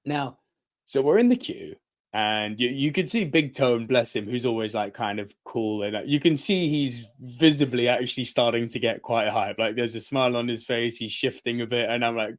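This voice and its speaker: An energetic man in a casual podcast chat. He tells his story with animation, slips into the voices of the people he quotes, and laughs often as he talks. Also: mid-range voice, moderate pace. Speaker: podcast co-host.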